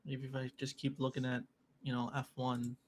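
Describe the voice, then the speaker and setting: A man's voice: medium pitch, monotone, normal speed, slight background noise. A man co-hosting a live trading stream, chatting in a jokey way and cheering the market on as trades play out. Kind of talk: casual chat and live trade commentary.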